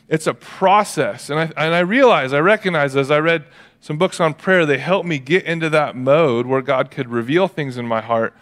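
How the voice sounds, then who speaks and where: A male pastor preaching a sermon in a relaxed, conversational way, acting out quotes as he tells stories. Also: on the high side. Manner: conversational, animated storytelling with acted-out quotes.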